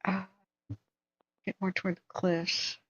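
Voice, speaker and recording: A woman's voice: on the low side, level tone, slow, fairly bright tone, slightly rough, dry recording. Lady host rambling and telling stories off the cuff, kinda muffled lo-fi audio. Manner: rambling, thinking aloud, storytelling. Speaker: livestream host. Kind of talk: casual live commentary. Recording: dull, dry lo-fi sound.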